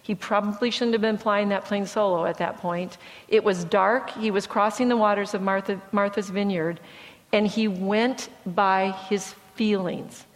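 A woman giving a sermon-style testimony, telling stories in a lively way and acting out what people said. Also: mid-range voice, measured pace. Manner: lively storytelling, acting out quoted speech. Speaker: speaker sharing testimony. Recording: long hall reverb.

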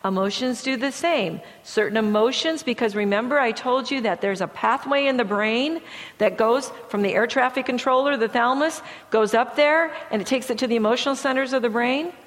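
A woman's voice: a little high, brisk, long reverb tail. A middle-aged woman giving a slide lecture on chronic pain from a Christian view, talking in a conversational, emphatic way and acting out inner thoughts.

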